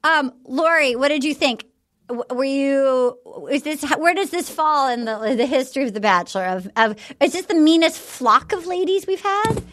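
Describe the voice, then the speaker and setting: A woman hosting a casual recap podcast, retelling scenes with lively quoted lines and laughs. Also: sits high, moderate pace. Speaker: podcast host.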